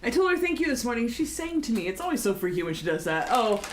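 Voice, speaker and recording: A woman's voice: on the high side, sing-song, fast, noisy background. Dry, teasing woman cooking-show host. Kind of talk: casual chat while baking.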